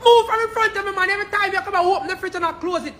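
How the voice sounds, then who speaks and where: A woman's voice: extremely high pitch, racing, a bit bright, a little hiss or hum. A woman playing an exasperated Jamaican mother who scolds her son with repeated, teasing commands.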